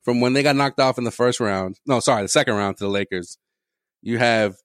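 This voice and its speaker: Male podcast co-host, mid pitch, rambling casual talker with frequent swearing, dry close mic. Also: brisk, fairly bright tone, no room sound. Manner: rambling, swears freely, laughs often. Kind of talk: casual sports chat.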